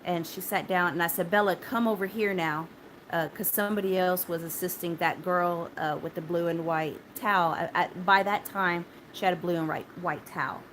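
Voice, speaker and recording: A woman with a fairly low voice tells a story into her phone. She rambles with fillers and restarts, pressing on with urgency. Noise can be heard clearly behind her. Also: steady tone, normal speed, hardly any pauses, a bit bright, low-quality recording. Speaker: concert survivor telling her story. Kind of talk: casual spoken account to a phone. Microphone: phone held close.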